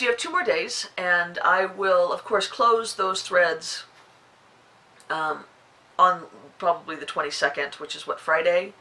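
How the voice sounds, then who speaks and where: A woman's voice: low voice, animated, a little slow, vocal fry, sharp tone, poor audio. A woman in her forties hosting her knitting podcast, chatting casually to the camera and rambling with lots of fillers. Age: 40s.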